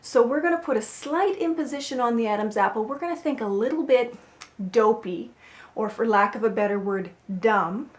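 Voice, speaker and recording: A woman vocal coach giving a singing lesson, explaining clearly and with a playful, upbeat manner. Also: on the high side, moderate pace. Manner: clear, upbeat instructive delivery with playful demonstrations. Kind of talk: singing lesson with spoken instruction. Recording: roomy echo with faint music.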